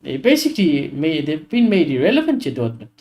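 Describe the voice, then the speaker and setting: Man, fairly high voice, live football watchalong host, excitable, frustrated, swears a lot, chats to viewers. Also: brisk. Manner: excitable, frustrated, swears often, talks to chat. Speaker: streamer hosting a live match watchalong.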